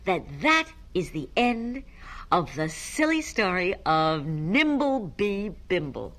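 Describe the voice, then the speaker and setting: A woman reading a children's story aloud, animated and coaxing listeners to repeat tongue twisters. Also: fairly low pitch, takes it slowly.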